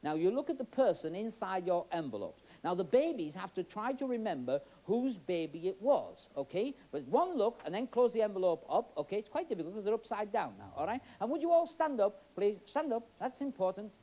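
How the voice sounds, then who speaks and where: A man's voice: high voice, big pitch swings, fairly quick, few pauses, warm tone. A middle-aged man with a Yorkshire accent, a stage magician chatting and joking with volunteers on a TV studio stage. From Yorkshire, England. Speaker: magician host. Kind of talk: stage magic patter with audience. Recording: old TV broadcast with faint hiss.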